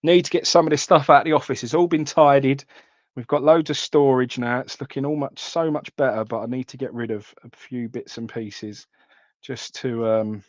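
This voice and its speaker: A man's voice: mid-range voice, no room sound. A man hosting a live trading card stream, chatting casually and calling viewers mate.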